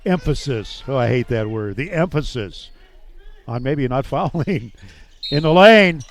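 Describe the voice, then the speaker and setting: A man's voice: mid-range voice, expressive, a little slow. A man calling a live basketball game play by play, chatty and thinking aloud as he goes. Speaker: play-by-play announcer.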